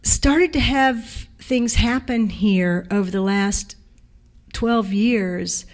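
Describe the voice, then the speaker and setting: A woman giving a guest lecture in a lecture hall, talking fast and energetically, correcting herself and chatting with the audience. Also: medium pitch. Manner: energetic, rushed, self-correcting, speaks to audience. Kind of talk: public art lecture.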